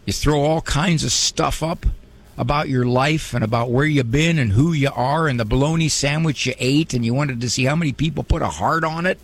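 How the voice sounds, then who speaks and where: A man's voice: mid-range voice, brisk. A man hosting a radio advice talk show, conversational and humorous with a preachy bent.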